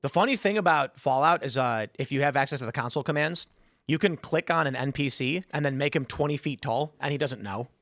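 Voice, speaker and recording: Brisk and fairly bright in a mid-range voice, this male show host argues combatively but casually on his podcast, often cutting in on others. The audio is studio quality with no room sound.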